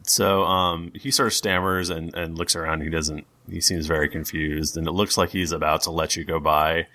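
A man narrating a tabletop game as game master, halting, with frequent ums and uhs. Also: a bass voice, fairly even intonation, sharp tone.

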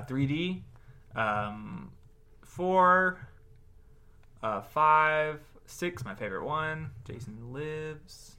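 A man's voice: mid-range voice, pushed and bright. A man co-hosting a podcast in casual chat, rambling and laughing often. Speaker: podcast co-host.

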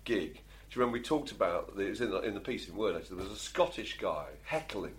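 Fast-talking middle-aged man. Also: on the low side, lively intonation. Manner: quick, chatty anecdotes with frequent laughter. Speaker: podcast co-host. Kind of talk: casual podcast chat.

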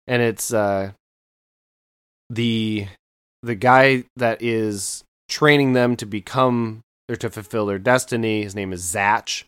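Smooth-voiced man retelling a movie. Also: fairly low pitch, fairly even intonation, takes it slowly, fairly bright tone, no echo, studio quality. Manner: enthusiastic, rambling movie retelling with many fillers. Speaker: podcast co-host. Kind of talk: casual podcast chat.

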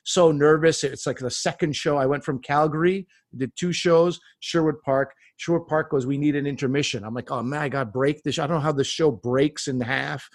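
A man, a comedian guest, telling lively anecdotes in casual chat, acting out quotes as he goes. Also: fairly high pitch, a little fast, few pauses, dry recording, clean studio sound. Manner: animated anecdotes with acted-out quotes.

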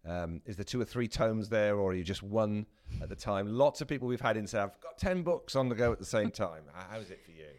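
Lively low-voiced male podcast host. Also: fairly quick, few pauses. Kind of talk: casual podcast chat.

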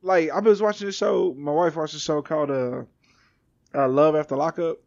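A man's voice: a little high, fairly even intonation, normal speed, creaky, darkish tone, lo-fi sound. A man in casual chat, telling stories with a joking, incredulous edge.

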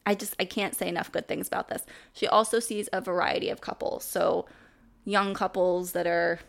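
A woman co-hosting a podcast in casual chat, animated and laughing as she acts out quoted lines. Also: lowish voice, normal speed, creaky. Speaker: podcast co-host.

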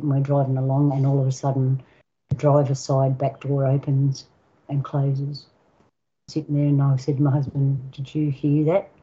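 Older woman, Australian accent, low mellow voice, vivid storyteller, dull lo-fi recording. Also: slightly rough. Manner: vivid storyteller, acts out sounds and quotes. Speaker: guest elder. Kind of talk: personal storytelling.

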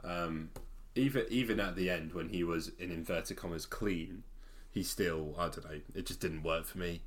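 A man's voice: low-pitched, normal speed. A man co-hosting a podcast, chatting casually and giving blunt, opinionated takes. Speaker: podcast co-host. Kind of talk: casual chat.

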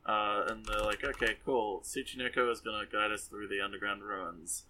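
A man's voice: lowish voice, flat delivery, normal speed, sharp tone, slight background noise, poor audio. A man casually recapping an anime episode for a podcast, sarcastic and exasperated, rambling with many fillers.

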